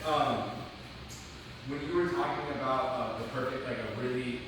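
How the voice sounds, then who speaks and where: A man's voice: medium pitch, normal speed, noisy background. A man in the audience of a class, speaking hesitantly with fillers. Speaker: student in class. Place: seated in back of a class. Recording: echoey hall, far from mic.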